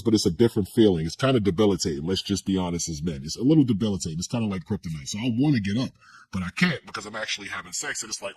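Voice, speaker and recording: A man with a low, husky voice tells a personal story in an interview. He speaks bluntly and casually, with slang and restarts. His voice has a breathy, rough edge. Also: low-quality recording. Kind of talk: candid recounting in an interview.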